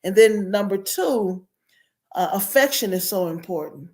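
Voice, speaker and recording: A woman's voice: mid-range voice, lively intonation, a little slow, darkish tone. A middle-aged woman guest telling her childhood story in an earnest, reflective way. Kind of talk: personal storytelling.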